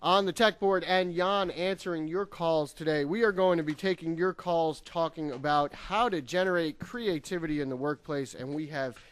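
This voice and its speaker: Upbeat radio host man, slightly high voice. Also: a bit bright, clear, resonant tone, no echo. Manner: upbeat, laughs often, reads news briskly. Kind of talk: casual radio talk show.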